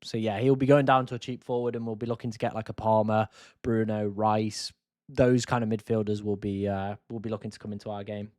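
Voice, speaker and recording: A man's voice: fairly low pitch, flat delivery, brisk, a little mellow, no echo, studio quality. A man, casually answering chat questions on a live stream. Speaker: fantasy football streamer.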